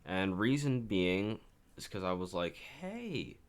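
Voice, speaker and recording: A man with a smooth, low voice speaks a little slowly while walking through a composition of his own on screen. The commentary is casual and rambling, full of self-corrections made mid-task.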